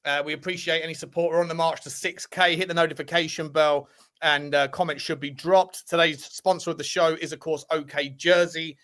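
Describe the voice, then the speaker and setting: Man, football podcast co-host, casual rambling delivery, slightly raised pitch. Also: steady tone, brisk, a bit bright. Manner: chatty, rambling, reads ad plugs.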